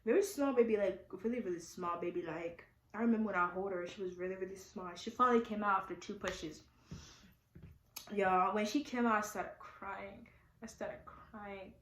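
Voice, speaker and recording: A teenage girl telling her own story in a chatty, animated way, with many fillers. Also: medium pitch, a little fast, roomy sound, slight background noise, poor audio. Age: teens. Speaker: vlogger. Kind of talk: casual storytime.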